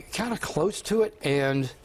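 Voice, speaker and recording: A man's voice: fairly high pitch, expressive, takes it slowly, slight background noise. Chatty male host. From Kentucky. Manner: chatty, joking. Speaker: TV morning show host. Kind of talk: casual interview chat.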